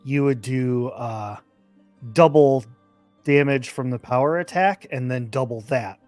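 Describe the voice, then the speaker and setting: A man narrating a tabletop game as game master, measured and descriptive. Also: mid-range voice, a little mellow, no echo, soft background music.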